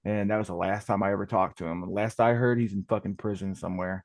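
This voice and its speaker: Low-voiced guy calling in, swears nonstop, rambly, dry close sound. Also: steady tone, fast talker, hardly any pauses, darkish tone, no echo. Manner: profane, rambling storytelling. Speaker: caller. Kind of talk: casual call-in chat.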